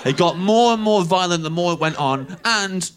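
A man's voice: high voice, normal speed. A young man from England with an English accent, telling a long self-mocking story on stage as a stand-up comedian. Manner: animated, self-mocking, laughing through lines.

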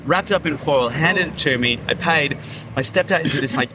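A man's voice: fairly high pitch, a little fast, background noise. A man, a comedian and podcast guest, telling vivid, theatrical food stories in casual chat.

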